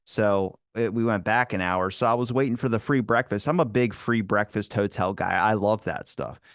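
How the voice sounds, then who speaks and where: A man telling a long story in casual chat, animated, swearing and acting out what people said. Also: on the low side, normal speed, no room sound, studio quality. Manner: animated, swearing, acts out quotes. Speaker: podcast guest.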